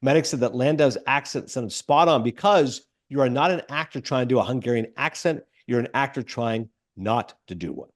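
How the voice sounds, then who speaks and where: A man hosts a film podcast in an easygoing, enthusiastic way, mixing read-out trivia with his own quick remarks. His voice sits at an ordinary middle pitch for a man. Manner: enthusiastic, reads trivia aloud with asides. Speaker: podcast host. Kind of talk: casual film podcast chat.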